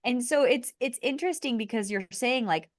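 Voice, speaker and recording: A woman hosting a casual podcast conversation, earnest and animated, laughing lightly between points. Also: fairly high pitch, normal speed, no room sound, studio quality. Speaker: podcast host.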